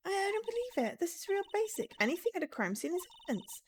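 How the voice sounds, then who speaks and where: A woman voicing an eager young woman who is keen on forensic science, talking brightly. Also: very high-pitched, very animated, fast talker, slight background noise, pitched above the performer's own voice.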